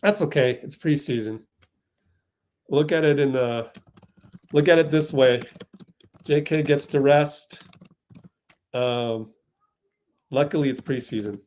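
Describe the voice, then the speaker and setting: A man hosting a fan livestream, giving excitable live play-by-play and getting outraged at the referees. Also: mid-range voice, slow, long pauses, slight background noise.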